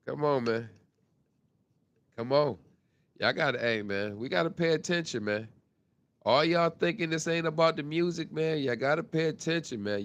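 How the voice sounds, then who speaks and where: A man hosting a podcast in casual commentary, talking in with an animated, repetitive delivery. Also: on the high side. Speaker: podcast host.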